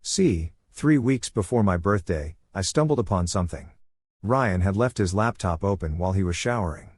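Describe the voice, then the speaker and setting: A man narrating a first-person drama story in a calm, cool tone. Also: low-pitched, moderate pace, husky, dry recording.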